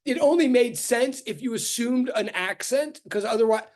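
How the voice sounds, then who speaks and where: A man with a notably high voice teaches physics to a class. He talks in a loose, chatty way, stopping mid-sentence, restarting and going off on asides before getting back to the lesson. He sounds middle-aged and at ease in front of the room. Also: animated, normal speed. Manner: chatty, self-interrupting, full of fillers and restarts. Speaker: physics professor. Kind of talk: rambling classroom lecture.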